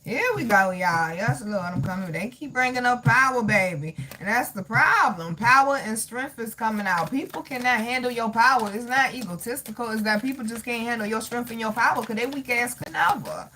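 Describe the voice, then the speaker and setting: A woman's voice: a little high, a little fast, few pauses, bright, forceful tone, a little hiss or hum. A woman in her thirties doing a casual tarot reading, sassy and preachy, calling her listeners baby. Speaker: tarot reader.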